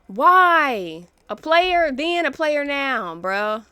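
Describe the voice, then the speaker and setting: A woman's voice: medium pitch, a little slow, a bit bright, no room sound. A woman hosting a life-sim let's play, chatting casually and reacting with exasperated, slangy asides. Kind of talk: casual gameplay commentary.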